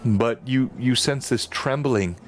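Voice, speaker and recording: A man's voice: mid-range voice, slow pace, slight background noise. A man running a tabletop game on a live stream, narrating scenes and thanking viewers and players. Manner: thanks chat and players, laughs easily. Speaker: game master.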